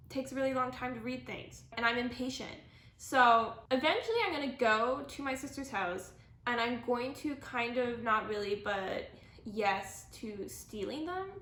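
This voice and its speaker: A woman's voice: a little high, fairly bright tone, slight background noise. Chatty woman in an echoey room. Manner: chatty and rambling, with many filler "like"s and self-corrections; enthusiastic and gushing. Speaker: book vlogger. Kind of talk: casual chat to camera.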